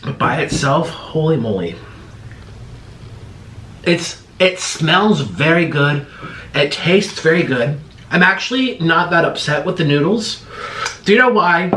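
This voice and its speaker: A man hosting a mukbang eating vlog, talking to camera in a halting, strained way, his mouth numb and stinging from the spice. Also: a little high, animated, pushed and bright, echoey room, slight background noise. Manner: strained, halting talk while suffering from spicy food. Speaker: mukbang host.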